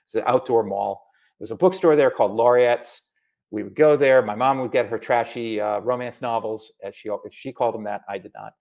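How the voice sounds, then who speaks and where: A middle-aged man from Massachusetts, an author chatting in an interview, animated and full of asides. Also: mid-range voice, moderate pace, vocal fry. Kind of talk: casual video interview.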